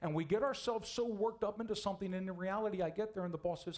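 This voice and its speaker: A male pastor preaching a sermon to his church, animated and acting out the voices he quotes. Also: high voice, fast. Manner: animated, acts out quoted voices, chuckles often.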